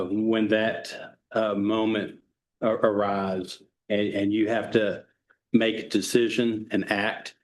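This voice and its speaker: A man on a city council speaking hesitantly, with many fillers, at a council meeting. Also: lowish voice. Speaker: council member.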